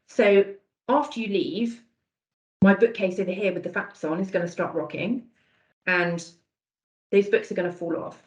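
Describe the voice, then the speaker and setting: A woman's voice: mid-range voice, moderate pace, long pauses, echoey room, low-quality recording. A woman presenting an online dementia awareness session over a video call, with an encouraging, conversational manner. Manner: warm, encouraging, praises answers from chat. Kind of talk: online training talk.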